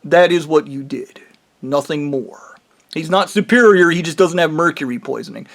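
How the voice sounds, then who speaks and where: A man's voice: a little high, moderate pace, creaky. A man giving an angry, profane monologue to his viewers. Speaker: vlogger.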